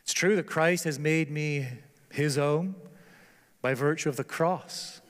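A man preaching a sermon whose delivery swings from loud declarations down to hushed, low tones. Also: slow pace, long reverb tail.

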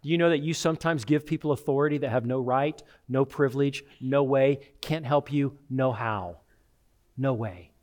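A man's voice: medium pitch, moderate pace, darkish tone. A middle-aged man, a pastor, preaching a sermon in an earnest, direct way with repeated phrases.

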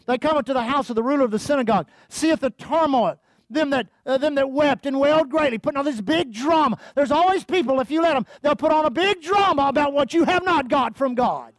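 A man's voice: very high-pitched, brisk, no room sound. A man preaching a fervent sermon, calling out to the congregation and reading scripture aloud. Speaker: pastor.

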